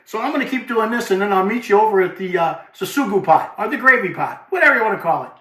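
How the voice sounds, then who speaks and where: A chatty man, hosting a cooking demonstration in his home kitchen with lively exclamations. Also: sits high, fast talker, echoey room. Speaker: cooking show host.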